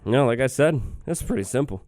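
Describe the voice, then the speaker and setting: An excitable, upbeat man hosting a gaming video, giving gameplay commentary and chatting to the creature on screen. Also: medium pitch, fast.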